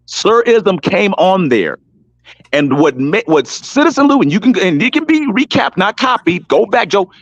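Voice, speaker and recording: Animated man on a talk stream. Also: high voice, normal speed, no room sound. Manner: animated, emphatic storytelling with repeated names and restarts. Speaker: panel guest on an online talk show. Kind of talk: casual live-stream panel talk. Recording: dull lo-fi sound, dry.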